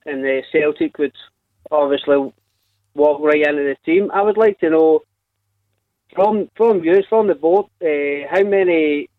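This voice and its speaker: Scottish male caller, a touch high, dull phone audio, winding the panel up. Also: measured pace, no echo. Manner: teasing, mischievous. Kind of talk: phone-in football banter.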